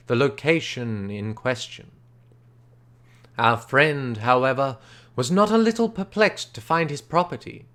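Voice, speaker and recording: A man reading an old short story aloud unrehearsed, with steady narration and occasional stumbles. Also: mid-range voice. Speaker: reader.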